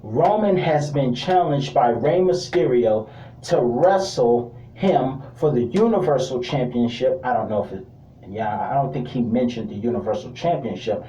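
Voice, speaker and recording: A man's voice: mid-range voice, moderate pace, warm tone, recorded from a distance, a little hiss or hum. Chatty man in an echoey room. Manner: chatty, joking, informal asides. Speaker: wrestling show reviewer. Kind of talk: casual commentary.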